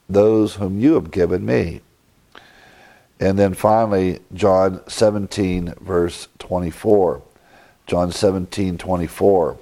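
A man's voice: low-pitched, fairly even intonation, takes it slowly, dark tone. A man preaching a sermon, methodically teaching a Bible passage verse by verse with occasional fillers. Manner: methodical, explains Greek grammar. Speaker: pastor.

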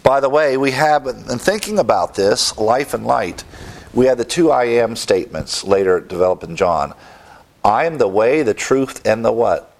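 A middle-aged male preacher delivering a sermon, emphatic and rising in pitch when he presses a point. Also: animated, moderate pace, creaky.

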